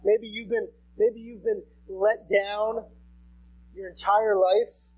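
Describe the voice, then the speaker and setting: A man's voice: sits high, little pitch movement, slow pace, slightly rough, muffled recording. A man in his thirties preaching a sermon as pastor, conversational and repeating key phrases for emphasis. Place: church sanctuary.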